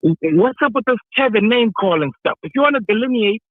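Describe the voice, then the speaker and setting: A man's voice: very high-pitched, expressive, fairly quick, no echo. A man from Africa calling into a show, insistent and argumentative, repeating his points. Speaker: caller. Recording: tinny phone line.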